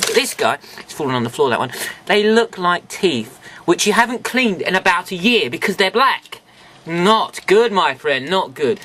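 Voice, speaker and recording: Lively, bright-voiced man grumbling. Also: high voice, a little hiss or hum. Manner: grumbling, frank and self-mocking. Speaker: toy reviewer. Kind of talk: casual review vlog.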